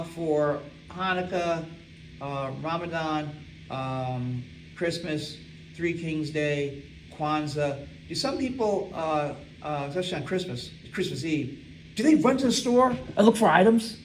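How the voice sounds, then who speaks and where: High-voiced man quizzing a class. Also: animated, a little slow, slight background noise, low-quality recording. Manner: quizzing, reads text aloud and asks students to fill in words; repeats "right?" often. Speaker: instructor. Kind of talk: classroom lecture.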